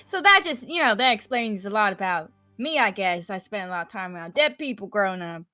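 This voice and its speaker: A woman's voice: mid-range voice, brisk, soft background music. A woman in character at a tabletop game, rambling with many fillers and giggles. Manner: rambling, giggly, bright and lively. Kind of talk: in-character role-play chat.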